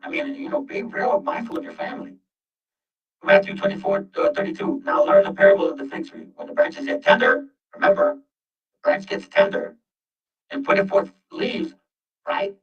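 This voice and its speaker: A man's voice: huge pitch swings, moderate pace, vocal fry. A man reading Bible verses aloud and explaining them to his listeners, whom he calls family; his voice runs through an accidental robotic voice-changer filter. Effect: accidental deep robotic voice-changer filter. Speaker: Bible teacher. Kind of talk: informal scripture reading and teaching. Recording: muffled, distant, with faint music.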